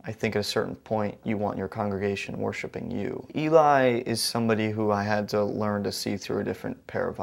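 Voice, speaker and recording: Low, gravelly young man musing. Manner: thoughtful, earnest, hesitant. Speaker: actor being interviewed. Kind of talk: casual interview.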